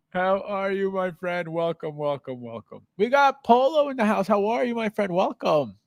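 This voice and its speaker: Male livestream host, casual chat, high and very lively voice, greets viewers and laughs often, dry close sound. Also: slow pace, no echo.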